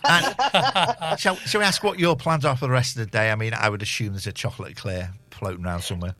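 A man's voice: medium pitch, fast, no room sound. A man presenting a radio show, teasing his guests in casual banter. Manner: teasing, animated.

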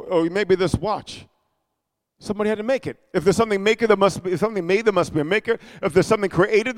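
A man preaching a sermon, animated and emphatic, calling out for responses and shouting at peaks. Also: sits high. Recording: long hall reverb.

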